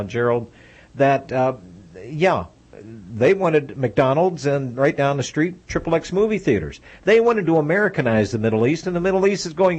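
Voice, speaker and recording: A man's voice: medium pitch, a little mellow, breathy edge. A man hosting a radio interview, talking in a conversational, wry way that builds to indignation. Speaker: radio host.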